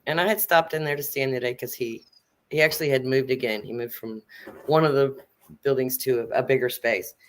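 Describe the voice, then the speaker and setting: A middle-aged woman hosting a casual chat, telling a story in an animated way, acting out quotes and swearing freely. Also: extremely low pitch, a little fast. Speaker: host.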